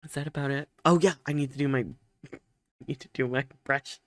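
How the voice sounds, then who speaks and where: A woman's voice: rumbling low, steady tone, brisk, no echo. A woman streamer chatting casually to her viewers in a playful, giggly, self-deprecating way, on a close mic. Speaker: VTuber streamer. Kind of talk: casual chat to camera.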